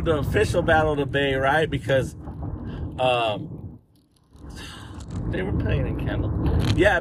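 A man rants about sports in loose, rambling slang, swearing freely as he goes. His voice sits at an ordinary middle pitch. Heavy road and engine noise roars under him from inside the car. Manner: rambling, profane, laid-back slang. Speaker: podcast host. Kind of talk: casual sports rant. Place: in a car on the way to work.

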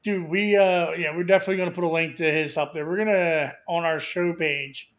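A man's voice: on the high side, fairly even intonation, brisk, a bit bright. A man co-hosting a podcast, rambling through crude casual chat. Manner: rambling, with many fillers and restarts. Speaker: podcast co-host.

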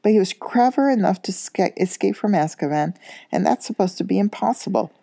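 A woman reading aloud and voicing an earnest father who argues heatedly and insistently, with a gravelly, mellow voice. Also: medium pitch, expressive, fairly quick, dry recording, studio quality, pitched above the performer's own voice.

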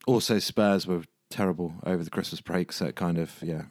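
A man's voice: deep voice, steady tone, fairly quick, a little mellow, no room sound. A man co-hosting a casual football podcast, laid-back, with dry humour and short replies. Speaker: podcast co-host.

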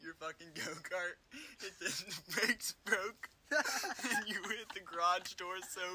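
A man's voice: high voice, takes it slowly, sharp tone, slightly rough. A young man chiming in casually, giggling as he recalls shared memories with a friend. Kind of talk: casual chat. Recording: crowd noise behind.

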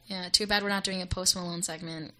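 A young woman co-hosting a casual radio show, playful and quick to laugh, often echoing her partner's words. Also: lowish voice, fairly even intonation, pushed and bright. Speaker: radio co-host.

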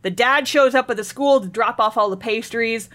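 A woman's voice: a little high, normal speed. A woman co-hosting a podcast, chattily recapping an anime and often using fillers like "like" and "um". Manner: chatty, animated storyteller, filler-heavy. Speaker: podcast co-host. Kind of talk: casual anime recap chat.

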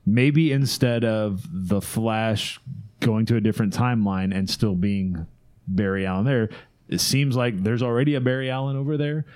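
A man hosting a podcast, running through movie news in a relaxed chat and laughing often. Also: on the low side, normal speed, clear, resonant tone. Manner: runs a countdown of movie news, chatty and laughing. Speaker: podcast host. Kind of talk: casual chat.

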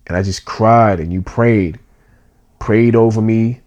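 A man's voice: fairly low pitch, measured pace, a little mellow, lo-fi sound. A man co-hosting a podcast, telling a personal story in an earnest, emotional way with casual slang.

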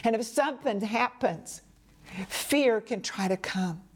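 Woman Bible teacher, unhurried and earnest, slightly high voice, whispers for emphasis. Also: husky. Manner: addresses listener as "my friend". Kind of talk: devotional teaching.

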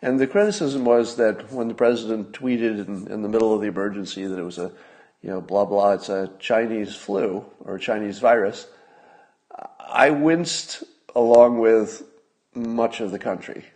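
A man's voice: fairly low pitch, normal speed, a little mellow. A man hosting a solo podcast, talking casually in a wry manner, with asides and restarts. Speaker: podcast host.

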